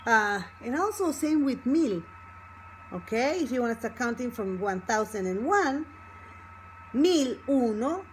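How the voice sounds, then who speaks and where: A woman's voice: sits high, a little hiss or hum, rough recording. A woman with a Mexican Spanish accent teaching a language lesson in English, patiently repeating examples and checking in with her listeners.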